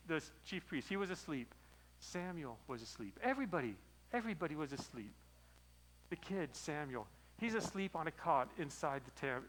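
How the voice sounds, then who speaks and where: A man as pastor preaching a sermon, retelling a story in a lively, storytelling way. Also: medium pitch, a little hiss or hum, low-quality recording.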